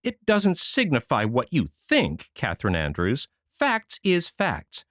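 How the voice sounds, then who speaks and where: A man's voice: fairly high pitch, huge pitch swings, moderate pace, no room sound, clean studio sound, voice pushed up. A man reading a storybook voices a grim, sour old woman with a scornful, pessimistic manner. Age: fifty-seven.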